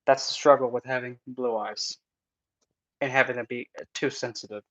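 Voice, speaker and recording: A man's voice: medium pitch, steady tone, moderate pace, a bit bright, poor audio. Rambling, jokey man chatting. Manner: rambling, jokey, self-interrupting. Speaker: vlogger and spiritual instructor. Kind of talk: casual Q&A chat. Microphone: in-ear headset mic.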